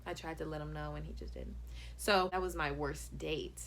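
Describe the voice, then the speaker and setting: A woman's voice: low voice, steady tone, moderate pace, a bit bright, a little hiss or hum. A young woman telling a casual storytime, chatty and full of "like", acting out what people said. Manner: chatty, heavy use of "like", acts out quotes. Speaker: YouTube storyteller.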